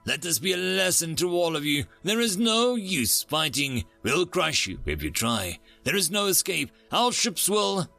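A man's voice: fairly high pitch, sing-song, unhurried, creaky, few pauses, sharp tone, soft background music, voice pushed up, full character voice. A man voicing a cruel, arrogant alien insect captain who sneers and threatens, his voice climbing into shrieks. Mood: threatening.

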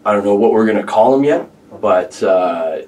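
A man's voice: on the low side, lively intonation, moderate pace, darkish tone. A man speaking as a comedian guest on a podcast, laid-back and wry in casual chat. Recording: distant mic.

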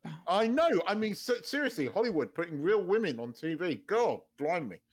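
Man, podcast co-host, slightly high voice, casual rambling chat, sweary, laughs a lot. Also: very animated, brisk. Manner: rambling, sweary, laughs often, many restarts.

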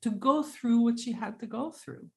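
A woman's voice: fairly high pitch, gravelly, warm tone. Earnest woman recalling a family story. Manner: earnest, halting, reflective. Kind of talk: personal storytelling in conversation.

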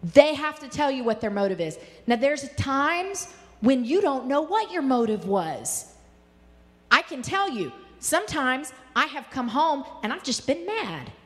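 Woman, high voice, faith-based relationship teaching, animated, slows to stress points, long hall reverb.

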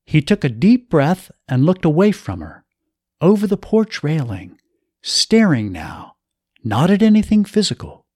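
A man reading a story aloud in a measured, expressive way. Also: on the high side, breathy edge, dry recording, clean studio sound. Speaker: narrator.

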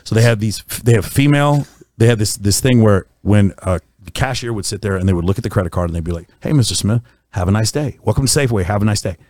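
A man in casual podcast chat, blunt and profane, telling stories in a rapid rush. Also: fairly low pitch, darkish tone, no room sound, clean studio sound.

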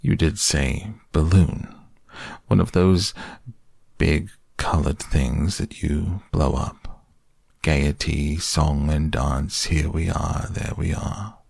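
A gloomy old donkey drags out each word in a storybook reading, voiced by a man. The voice is deep and gravelly, mournful and slow. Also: fairly even intonation, a little mellow, no echo, clean studio sound, full character voice.

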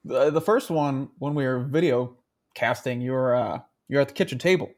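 A man's voice: medium pitch, moderate pace, a little mellow. A man co-hosting a podcast in casual chat, laughing often and swearing freely. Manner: laughing, crude banter. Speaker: podcast co-host. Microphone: handheld mic.

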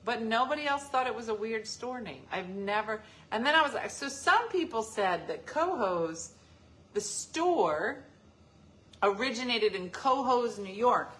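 A woman's voice: on the high side, lively intonation, unhurried, fairly bright tone. A woman hosting a casual live stream, joking and teasing as she answers viewer comments. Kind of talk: casual chat.

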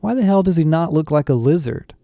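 A man's voice: fairly high pitch, lively intonation, fairly quick, creaky, dark tone, dry recording, studio quality, pitched above the performer's own voice. A man doing a brash, blunt young rebel.

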